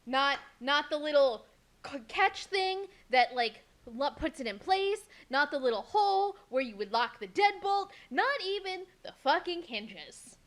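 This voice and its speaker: A young woman co-hosting a podcast, telling a story in a casual, animated way, swearing freely and acting out what people said. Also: high-pitched, unhurried. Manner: animated, swears a lot, acts out quotes. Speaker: podcast co-host.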